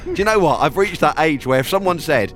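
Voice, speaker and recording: A man's voice: a little high, animated, a little fast, music in the background. A man co-hosting a podcast, making wry, playful jokes in casual conversation. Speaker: podcast co-host.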